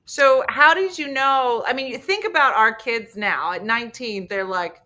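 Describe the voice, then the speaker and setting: Bright-voiced woman host telling a story. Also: on the high side, moderate pace. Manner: lively storytelling, acts out quotes. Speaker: podcast host. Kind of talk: casual chat on a live podcast.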